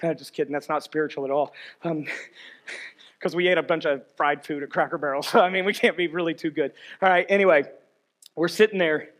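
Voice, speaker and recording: A man preaching a sermon as a pastor, shifting between shouted exhortation and quiet, chatty storytelling. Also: fairly high pitch, steady tone, fairly quick.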